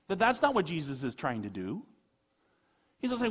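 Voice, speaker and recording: Husky guy preaching, voice jumps all over, acts out little bits. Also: sits high, moderate pace. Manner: animated, laughing asides, acts out quoted voices. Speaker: pastor. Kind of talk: sermon.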